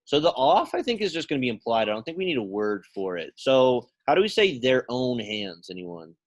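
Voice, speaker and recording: A man's voice: mid-range voice, very animated, fairly quick, dry recording. Casual man teaching a classroom lesson. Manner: casual, quizzing students by name and thinking aloud. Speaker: Latin teacher.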